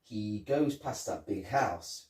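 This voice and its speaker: Dark-voiced man reviewing a film. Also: fairly low pitch, animated, slow pace. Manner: retells scenes, acts out quotes. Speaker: podcast co-host. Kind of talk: casual film review chat. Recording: roomy, distant mic.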